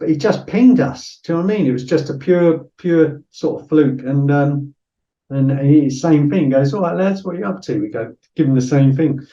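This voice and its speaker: A man's voice: mid-range voice, gravelly, mellow. Middle-aged guy, ex-soldier telling a story on a podcast, blunt, swears loads, says "you know" all the time, dull roomy sound from a bit far off. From Britain. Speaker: podcast guest, former soldier. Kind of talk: casual storytelling interview.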